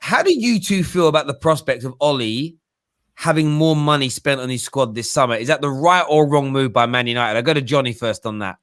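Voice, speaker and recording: A man hosting a casual football chat, joking and telling stories in an animated way. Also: medium pitch, a little fast, no echo, clean studio sound. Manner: animated, jokey storytelling. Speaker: host.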